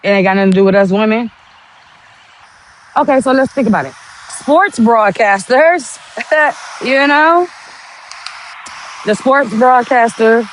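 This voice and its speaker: A woman's voice: fairly high pitch, slight background noise. A woman hosting a podcast, talking bluntly in a casual monologue full of rhetorical questions. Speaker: podcast host.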